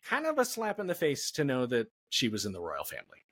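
A man's voice: medium pitch, fast talker, no room sound, studio quality. A man as a podcast guest, telling history in a casual, jokey way. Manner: animated, jokey storyteller.

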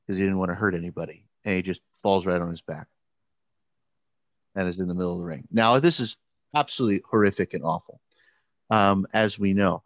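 A man telling a story in casual conversation, halting, with many restarts and fillers. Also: low-pitched, no echo.

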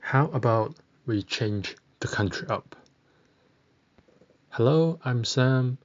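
A man from Britain teaching a beginner language lesson, saying each word slowly and pausing long for the listener to repeat. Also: medium pitch, dull audio. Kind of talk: slow, deliberate language lesson.

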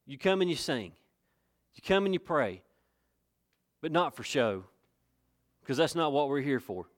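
A man's voice: on the high side, sing-song, measured pace. A man preaching a sermon in a folksy, conversational way, rising to emphatic points. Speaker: pastor.

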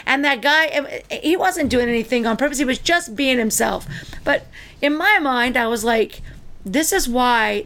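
A middle-aged woman with a high voice tells a story in casual conversation. She is animated and restarts her sentences often as she goes. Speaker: podcast co-host. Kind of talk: casual chat.

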